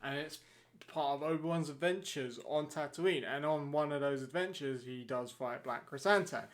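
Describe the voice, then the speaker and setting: A man's voice: fairly high pitch, normal speed. A man co-hosting a podcast in casual, informal chat with some swearing. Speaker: podcast co-host.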